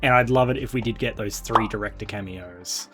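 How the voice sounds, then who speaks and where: A man hosting a casual chat, talking excitedly with many fillers and restarts. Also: fairly low pitch, a little fast, music in the background. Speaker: podcast host.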